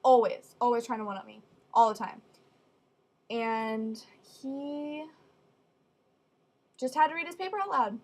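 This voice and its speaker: A young woman telling funny stories casually, with deadpan asides. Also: a little high, measured pace, pauses often. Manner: chatty, deadpan asides, acts out quoted voices. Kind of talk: casual storytelling.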